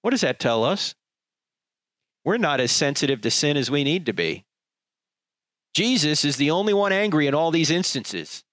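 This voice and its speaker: A man's voice: fairly high pitch, expressive, normal speed, long pauses, fairly bright tone, dry recording. A man preaching a sermon in an emphatic, rhetorical way, acting out the people he quotes.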